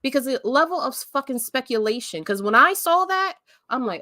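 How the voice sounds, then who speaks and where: A woman's voice: high voice, sing-song, brisk, bright, forceful tone, no echo, clean studio sound. A woman hosting a live stream, talking bluntly and emphatically with heavy swearing in casual commentary. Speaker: livestream host.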